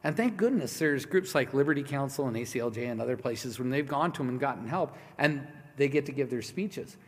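A man preaching a sermon as pastor, swinging from hushed, quiet lines to loud, passionate ones. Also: medium pitch, animated, brisk. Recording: long reverb of a large hall.

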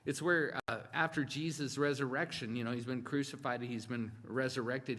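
A man giving a sermon in a large hall, and his voice rings out with a long reverb. He talks to the congregation in an earnest, conversational way and slows down to lean on the key words. His pitch sits in an ordinary middle range. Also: a bit bright. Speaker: pastor.

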